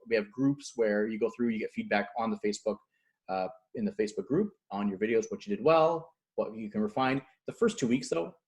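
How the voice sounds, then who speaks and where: A man speaking as a guest coach in a casual video-call interview, energetic and acting out quotes as he tells stories. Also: medium pitch. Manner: fast, energetic storyteller, acts out quotes. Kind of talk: animated casual interview talk.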